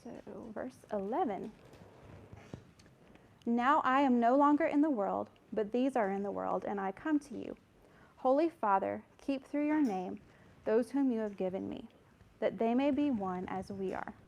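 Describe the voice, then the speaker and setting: A woman's voice: fairly high pitch, a little slow, creaky, a little mellow, muffled recording. A woman teaching a Bible study and reading scripture aloud, earnest and conversational, a little out of breath at the mic. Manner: earnest, conversational, apologetic asides. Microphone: microphone.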